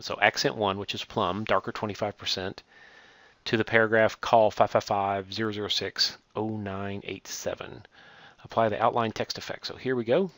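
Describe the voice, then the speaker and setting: A man teaching a software tutorial, reading each step aloud and then patiently demonstrating it, correcting himself as he goes. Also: on the low side, no echo. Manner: methodical, reads steps aloud then demonstrates; patient, self-correcting, relaxed. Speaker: instructor.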